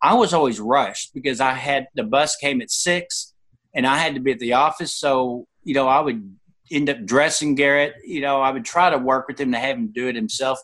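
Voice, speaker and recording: Man around 60, mid-pitched, interview guest; lively storyteller who jumps up in pitch to voice others. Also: moderate pace. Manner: animated, voices other people in quotes with sudden pitch jumps. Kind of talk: conversational personal storytelling.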